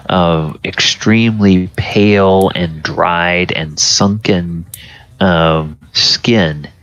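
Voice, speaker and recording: A man narrating a tabletop game as game master, in a halting, thoughtful way. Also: low-pitched, a bit bright. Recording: dull lo-fi recording.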